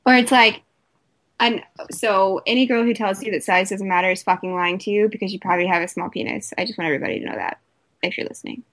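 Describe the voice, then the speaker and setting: A woman's voice: medium pitch, fast, a bit bright, poor audio. A woman co-hosting a casual chat over a call, telling blunt, profane stories. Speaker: co-host.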